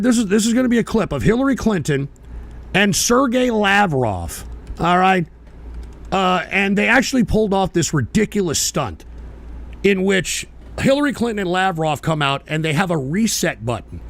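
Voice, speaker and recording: A man's voice: sits high, vocal fry. A male political talk-show host ranting profanely and combatively during a live stream, snapping at trolls.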